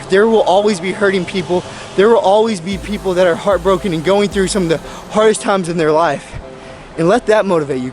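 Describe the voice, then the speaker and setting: A man's voice: sits high, a little hiss or hum. Earnest young man giving medical school motivation. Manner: earnest and preachy. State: out of breath. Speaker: medical student vlogger. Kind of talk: motivational vlog talk.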